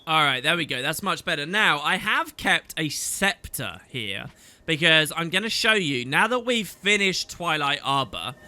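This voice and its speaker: A man's voice: big pitch swings, a little slow, pushed and bright, dry recording. A man in his thirties narrating a video game playthrough, chatty and enthusiastic. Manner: enthusiastic, chatty, swoops in pitch. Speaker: let's play host. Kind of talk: game commentary.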